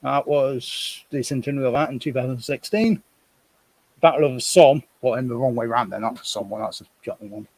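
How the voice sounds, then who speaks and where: A man's voice: mid-range voice, a little fast, vocal fry, a little mellow, no echo. Man chatting on a live stream. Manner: rambling and chatty, thinking aloud while sorting through things. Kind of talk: casual live-stream chat.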